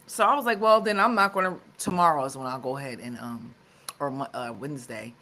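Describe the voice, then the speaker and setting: A woman's voice: extremely low pitch, a little fast, sharp tone. A woman co-hosting a live talk show, chatting casually with lots of fillers and restarts. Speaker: co-host.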